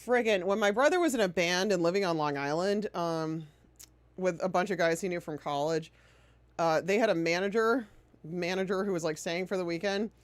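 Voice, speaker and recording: A woman's voice: lowish voice, normal speed, no echo. A woman streamer chatting casually while playing a game, sarcastic and prone to swearing. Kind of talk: casual chat while gaming.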